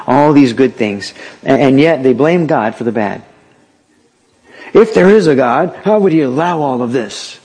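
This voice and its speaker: A man's voice: a little high, lively intonation, a little slow, darkish tone, husky. A man preaching a sermon in a conversational way. He acts out quotes as he goes.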